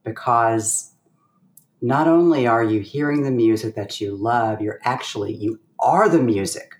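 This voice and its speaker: A middle-aged woman, a pianist guest in an interview, telling stories in a lively, chatty way with bursts of laughter. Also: a bass voice, measured pace, reverberant. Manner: animated storyteller with bursts of laughter. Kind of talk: casual interview storytelling.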